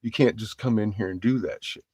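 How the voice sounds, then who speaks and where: A man's voice: lowish voice, fairly quick, darkish tone, slightly rough. A man telling a rambling story in a casual vlog, cursing freely and breaking into laughter. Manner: rambling, profane, laughs often. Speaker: vlogger.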